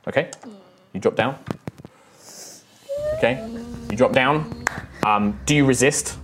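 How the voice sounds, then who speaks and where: A man's voice: mid-range voice, slow pace, background noise. A man narrating as game master of a tabletop game, in a loose, conversational way.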